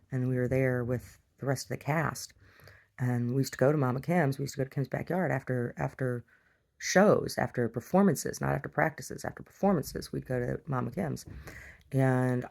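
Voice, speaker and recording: A woman's voice: very deep voice, creaky, darkish tone. A woman telling a personal story in a video diary, rambling with many restarts and asides. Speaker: video diarist. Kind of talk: casual storytelling.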